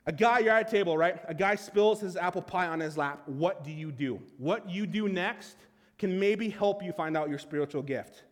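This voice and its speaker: A pastor delivers a casual, animated sermon in a fairly high voice, tripping over quick restarts and tossing in playful asides. His words ring out with a long reverb, as if he is in a large church hall. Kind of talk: conversational sermon.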